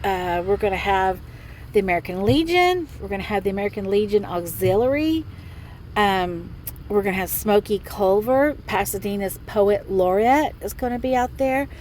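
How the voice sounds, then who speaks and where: A middle-aged woman with a drawl talks through a casual vlog, rambling from point to point with plenty of fillers. She speaks from inside a parked truck. Faint noise hums in the background, and her voice sits at an ordinary middle pitch. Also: expressive, normal speed, darkish tone, poor audio. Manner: chatty and rambling, with many fillers. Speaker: vlogger.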